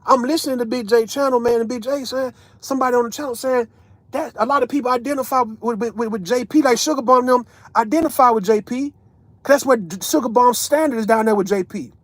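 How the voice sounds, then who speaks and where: A man's voice: very high voice, fast, no room sound. A man, ranting casually as an online commentator, profane and emphatic, tagging lines with right and man. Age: 30s.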